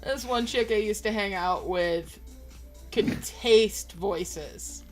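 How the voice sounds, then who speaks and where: A woman's voice: medium pitch, takes it slowly, soft background music. A woman hosting a stream, chatting casually with a blunt, teasing manner. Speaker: streamer host.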